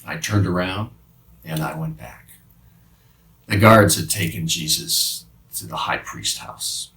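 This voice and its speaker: A man playing the apostle Peter as a remorseful fisherman, confessing haltingly in a dramatic monologue with many restarts. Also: low voice, lively intonation, a bit bright, exaggerated voice. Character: remorseful male fisherman apostle, middle-aged, haunted by guilt. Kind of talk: dramatic first-person monologue. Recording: roomy sound from a distant mic.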